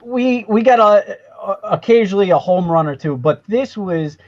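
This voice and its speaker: Man, host, high pitch, rambling, excitable, lo-fi muffled audio. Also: moderate pace. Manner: rambling, excitable, many restarts. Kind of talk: casual live-stream chat. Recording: lo-fi, dull sound.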